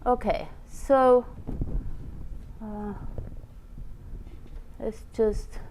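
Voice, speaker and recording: A woman's voice: a little high, steady tone, extremely slow, darkish tone, slight background noise. A woman giving a math lecture in a lecture hall. She explains step by step, with lots of "you know".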